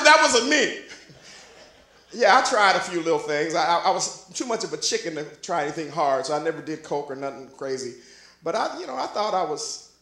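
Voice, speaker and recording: A man preaching a live sermon as bishop, joking with the congregation in a chatty way and building to shouted emphasis. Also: high-pitched. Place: church sanctuary with congregation. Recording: echoey church recording.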